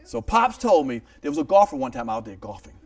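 Male host, comic storyteller, lively pitch swings, somewhat distant mic. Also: fairly quick. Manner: animated joke-telling with shouted voices and laughs. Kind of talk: casual comedic chat.

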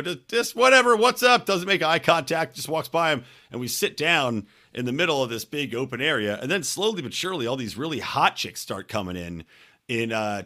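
A man on a podcast as a guest, bantering and telling crude jokes. His voice is a smooth announcer's voice, bright and forward in tone. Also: a little high. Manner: joking, crude banter, smooth radio-style voice. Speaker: podcast guest, host of another show. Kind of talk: casual podcast chat.

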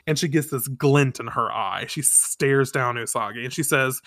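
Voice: medium pitch, normal speed, a bit bright, no room sound, studio quality. A podcast co-host giving a chatty, giggly, swear-filled recap of a comic.

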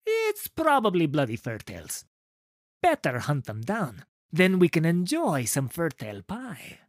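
Guy doing a curious shapeshifter girl faking a wise voice, pitched way up, slow and careful, storybook style. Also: huge pitch swings. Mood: playful. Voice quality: higher, put-on wise voice.

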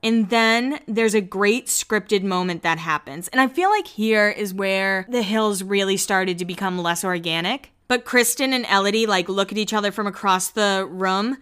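A woman's voice: mid-range voice, moderate pace, hardly any pauses, a bit bright, clear, resonant tone. A woman hosting a casual recap podcast, talking in a chatty, gossipy, playful way. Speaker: podcast host.

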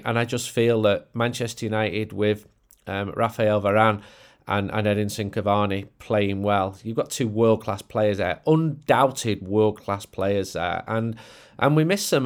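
A man hosts a casual football podcast from the studio. He is jokey and excitable and quick to laugh. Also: fairly low pitch. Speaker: podcast host. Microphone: studio mic.

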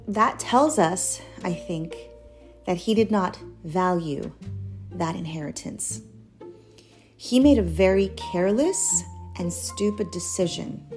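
Slow, chatty woman teaching scripture. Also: medium pitch. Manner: chatty and earnest, laughs between points. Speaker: Bible teacher. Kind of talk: casual devotional teaching. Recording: soft guitar music behind.

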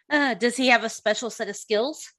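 A woman's voice: a little high, sharp tone, no room sound, studio quality. A woman hosting a podcast in casual chat, teasing her guests and laughing often. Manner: giggly and teasing. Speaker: podcast host.

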